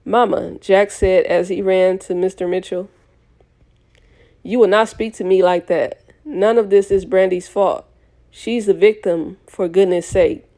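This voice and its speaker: Mellow-voiced woman reading a novel aloud. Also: medium pitch, steady tone, unhurried. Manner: reads with frequent self-corrections and restarts. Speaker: audiobook reader.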